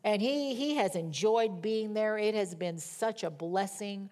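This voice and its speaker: Animated woman preaching a sermon. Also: mid-range voice, unhurried. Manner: animated, humorous storytelling with scripture reading. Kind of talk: sermon with personal story.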